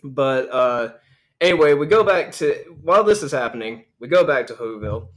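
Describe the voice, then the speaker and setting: A man's voice: mid-range voice, lively intonation, fairly bright tone. A young man casually recapping a film on a podcast, rambling and joking as he quotes the characters. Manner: rambling, jokey storytelling with quick character quotes. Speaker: podcast co-host.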